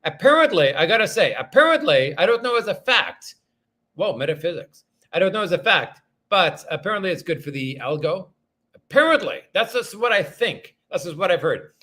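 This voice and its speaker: Male livestream host, higher and brighter than most men, loose and self-mocking as he chats with viewers. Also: expressive, brisk, slightly rough. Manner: rambling, self-deprecating, thanks viewers often. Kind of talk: casual livestream chat.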